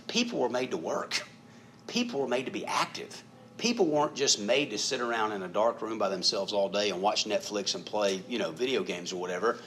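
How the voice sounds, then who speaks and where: A man's voice: lowish voice, a bit bright, slight background noise. A male pastor preaching a sermon in a conversational, emphatic way, often repeating words.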